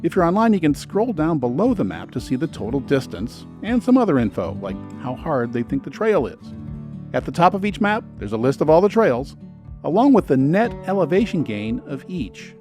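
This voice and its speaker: A man's voice: on the high side, very animated, normal speed, darkish tone, faint music behind. A man narrating a scripted travel guide in an earnest, advisory voice-over. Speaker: travel video host.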